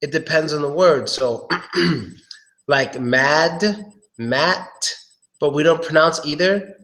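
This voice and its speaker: This live-stream English pronunciation teacher is a man with a fairly high voice. He stays relaxed, voices his thoughts as they come, and slowly repeats every word.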